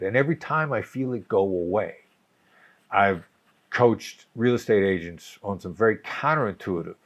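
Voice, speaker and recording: Older man, low voice, measured coach-style explainer, repeats phrases as he thinks. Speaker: guest, negotiation coach. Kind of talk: conversational explaining.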